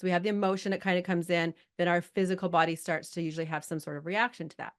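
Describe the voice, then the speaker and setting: A middle-aged woman coaching a group over a video call, chatty and lively, holding back tears at times. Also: lowish voice, very fast. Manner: chatty, lively, talks to the chat audience. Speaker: life coach hosting a live group call. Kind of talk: casual coaching talk.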